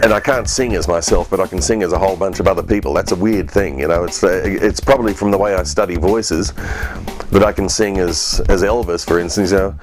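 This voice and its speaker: An older voice artist talks in a deep, unhurried way. He rambles comfortably through his answers with easy fillers. Music runs underneath him. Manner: relaxed, rambling, chatty. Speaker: voice artist and comedian guest. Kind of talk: interview answers.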